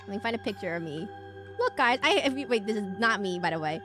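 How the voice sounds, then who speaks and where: A woman's voice: mid-range voice, fast talker. A woman VTuber chatting casually with her viewers while playing a game, bursting into indignant replies to chat and humming under her breath. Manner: animated, indignant bursts when reading chat. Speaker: VTuber streamer. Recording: game music behind. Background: game music.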